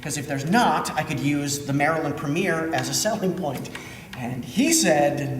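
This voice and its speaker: A man from Minnesota, a theater director, telling a story in a chatty, lively way during a post-show Q&A. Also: on the high side, moderate pace, a little hiss or hum. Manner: chatty storytelling, animated when quoting. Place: theater auditorium. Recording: echoey hall, mic at a distance.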